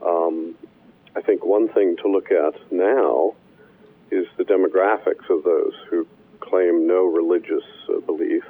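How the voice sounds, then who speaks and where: A man from Wisconsin, a professor and minister, answering interview questions in a measured way with many pauses and fillers. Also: deep voice, steady tone. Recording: phone-line radio call.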